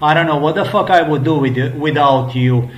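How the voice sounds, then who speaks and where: A man's voice: a little high, fairly quick, muffled recording. A man in his fifties translating an interview clip while ranting, profane, mocking and repetitive. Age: 50s. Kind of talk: angry sarcastic rant. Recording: echoey room.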